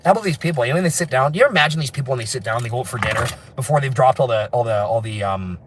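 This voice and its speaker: A man rambling through a livestream while walking city streets outdoors, excitable and laughing, his voice hoarse from screaming. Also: medium pitch, rapid-fire, noisy background. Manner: excitable, laughing, shouting bursts.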